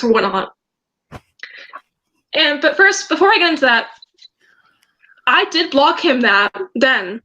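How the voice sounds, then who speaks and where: A woman's voice: high-pitched, animated, normal speed, long pauses, sharp tone, low-quality recording. A teenage girl vlogger telling a story in a rambling, agitated way, with many restarts. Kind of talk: storytime vlog.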